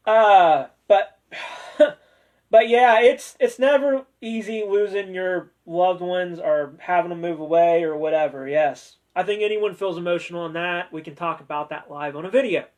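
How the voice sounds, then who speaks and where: High-voiced chatty man hosting. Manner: chatty and joking, with playful sarcasm. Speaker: host of a discussion video. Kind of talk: casual chat.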